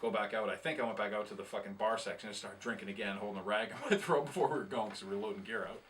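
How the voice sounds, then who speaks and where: A man's voice: lowish voice, rapid-fire, a bit bright, distant mic, slight background noise. A man telling a long, rambling, profane tour story in casual chat, laughing at himself as he goes. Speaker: guest musician telling tour stories.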